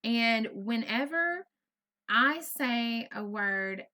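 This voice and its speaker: A woman's voice: on the high side, animated, drawn-out words, bright, forceful tone. A woman teaching an online first grade phonics lesson, patient and encouraging, carefully over-enunciating each sound. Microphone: computer mic on a video lesson.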